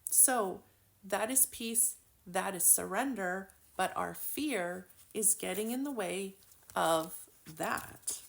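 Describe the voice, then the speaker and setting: A woman's voice: mid-range voice, slow pace, creaky. A woman giving a casual spiritual lesson with oracle cards, chatty and full of fillers, swearing now and then. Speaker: spiritual card reader.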